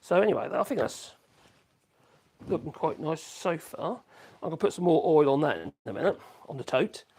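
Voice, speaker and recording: A man's voice: a little high, sing-song, moderate pace, long pauses, a little mellow, breathy edge. Man, casual woodworking live stream, rambling, self-correcting, hums to himself. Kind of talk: casual live-stream chat while working.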